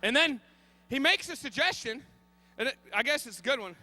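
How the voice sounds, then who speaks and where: A man in his thirties telling a comic story on stage, animated and frantic, bursting into shouts. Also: very high voice, moderate pace. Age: 30s. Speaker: comedian.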